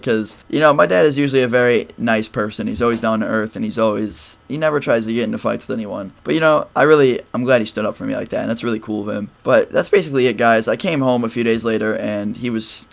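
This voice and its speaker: A man's voice: fairly low pitch, vocal fry. A young man telling a heated personal story over gameplay footage, rambling and swearing a lot. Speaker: gaming channel host.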